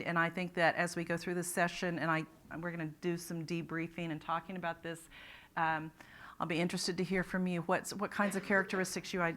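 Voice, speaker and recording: Low-voiced woman giving a conference talk. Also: a bit bright. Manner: explanatory, many restarts. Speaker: conference presenter. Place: conference room.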